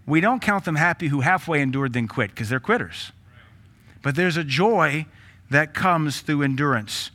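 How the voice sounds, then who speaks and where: Male pastor, blunt humorous preacher, bright forceful voice, slightly high pitch. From Tennessee. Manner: laughs between points. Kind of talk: sermon.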